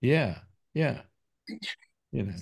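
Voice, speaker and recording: A man's voice: medium pitch, animated, extremely slow, creaky, darkish tone, breathy edge. A man hosting a casual call-in panel chat, rambling with many fillers and restarts. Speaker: call-in show host.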